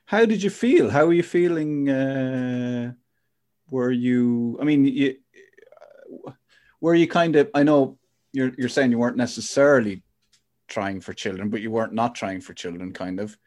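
Male podcast host, gentle and hesitant interviewer, casual chat. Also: mid-range voice, a little slow.

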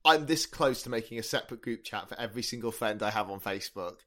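A man's voice: on the low side, fast, pushed and bright. A man co-hosting a comedy podcast, rambling through jokes and laughing often. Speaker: podcast co-host.

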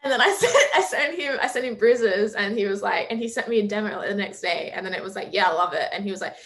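A young woman in a relaxed interview, chatty and easygoing. Her talk is full of "like," restarts and small laughs, at a medium pitch for a woman. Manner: chatty, fills speech with "like" and quick laughs. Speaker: singer in a band, interview guest. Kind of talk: casual interview chat.

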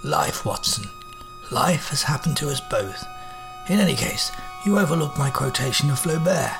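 A cool, sardonic detective with dry, clipped Victorian phrasing, as a man performs him in an audio drama. The voice is mid-pitched with a gravelly edge and steady delivery. He narrates his own adventures in measured, precise sentences. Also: music in the background.

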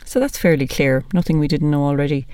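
A woman's voice: deep voice, fairly even intonation, fast, over a noisy crowd. An Irish woman hosting a podcast, chatting in a loose, jokey, rambling way. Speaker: podcast host. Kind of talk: casual chat.

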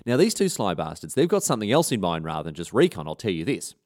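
A man's voice: low-pitched, very animated, quick pace, darkish tone. A man, hosting a history podcast and telling the story in a comic, irreverent, slangy and rambling way. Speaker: podcast host.

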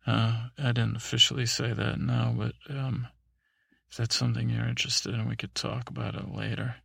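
A man voicing a mellow, mumbling superhero in a sleepy bedtime story. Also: level tone, moderate pace, creaky, slightly rough, no echo, heavily acted. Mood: flat. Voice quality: mumbling, low-key.

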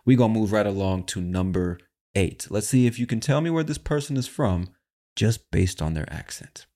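Podcast host, low male voice, chatty and lively, talks straight to the listener. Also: moderate pace. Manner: animated, chatty, addresses listener as "my friend". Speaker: podcast host and English teacher. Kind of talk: casual educational podcast.

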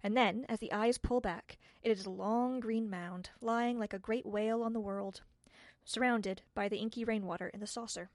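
A woman narrating a storybook in an expressive, measured way. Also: fairly high pitch, dry recording. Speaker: audiobook narrator.

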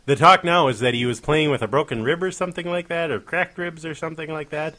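A man's voice: a little high, fast talker, pushed and bright, no echo. Easygoing man co-hosting a sports podcast. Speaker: podcast co-host. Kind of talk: casual sports chat.

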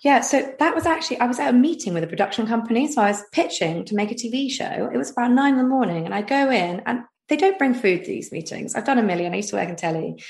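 A woman's voice: fairly high pitch, animated, fast, creaky, hardly any pauses, a little mellow, roomy sound. A woman with a posh English accent, a guest telling candid stories in a chatty, self-mocking way with lots of filler words. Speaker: guest, comedy content creator. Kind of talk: candid conversational storytelling.

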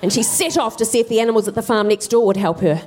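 A woman's voice: on the high side, fast, darkish tone. Wry woman telling a stand-up story. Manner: wry, chatty asides. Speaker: guest comedian. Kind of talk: stand-up storytelling, live on stage. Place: theatre stage.

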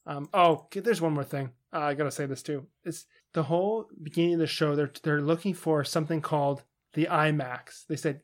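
A man co-hosting a podcast in loose, casual chat. He rants with animated energy and jumps into funny voices when quoting characters. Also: on the high side, brisk, hardly any pauses. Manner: animated ranting, acts out quotes in funny voices. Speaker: podcast co-host.

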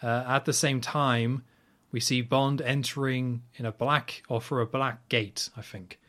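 A man in the middle of an ordinary pitch range hosts a casual podcast. He talks through a film recap in a rambling, chatty way and offers blunt opinions along the way. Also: steady tone, a little slow, a bit bright. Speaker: podcast host.

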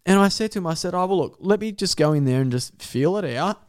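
A young man telling an animal story with animated energy, swearing and laughing as he goes. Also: high-pitched, quick pace, smooth. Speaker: guest storyteller. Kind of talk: casual podcast storytelling.

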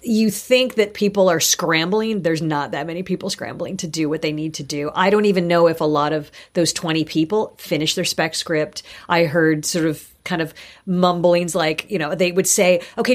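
A middle-aged woman talks as a podcast guest in a voice a bit lower than most women's. She tells her stories in an animated, chatty way, slipping into the voices of the people she quotes. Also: moderate pace. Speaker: guest, actor and insurance broker. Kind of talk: casual interview storytelling.

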